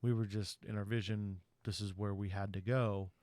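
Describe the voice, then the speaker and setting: A man with a lowish voice talks through a film's plot in a loose, casual podcast recap. He rambles and hedges with frequent ums. The sound is dry and close, with no room echo. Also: steady tone, moderate pace, darkish tone. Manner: rambling, chatty retelling with frequent ums and you-knows. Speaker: podcast host.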